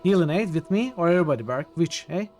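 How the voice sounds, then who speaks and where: A man's voice: a little high, lively intonation, fast, darkish tone, faint music behind, pitched above the performer's own voice, natural voice. A man doing a wheezy, shifty street trader. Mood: suspicious. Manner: clipped questions ending in "eh". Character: short filthy wheezing male trader, suspicious.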